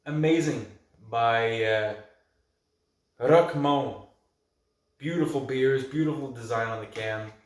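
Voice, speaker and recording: A man's voice: mid-range voice, slow pace, long pauses. Guy rambling casually to camera, lots of ums, kinda echoey room at home. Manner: loose, chatty, rambling with ums and restarts. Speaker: vlog host reviewing films and beer.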